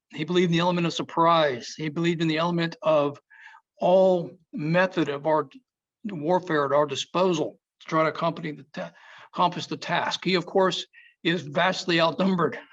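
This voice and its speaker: A man with a somewhat high voice tells history at a museum talk, leaning hard on the dramatic moments. His emphatic storytelling comes through a muffled, lo-fi recording. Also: fairly bright tone. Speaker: museum speaker. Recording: dull lo-fi sound.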